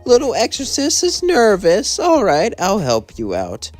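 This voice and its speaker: Man doing a sly, teasing demon lady boss, raised pitch, playful, storybook reading. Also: huge pitch swings, unhurried, a little mellow, soft background music. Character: flirty scheming demon woman boss.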